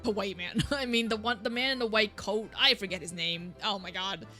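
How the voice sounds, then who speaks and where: A woman's voice: medium pitch, fairly quick, pushed and bright. A young woman streamer giving casual, scatterbrained commentary while playing a game and reading lines aloud. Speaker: let's play streamer. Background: game music.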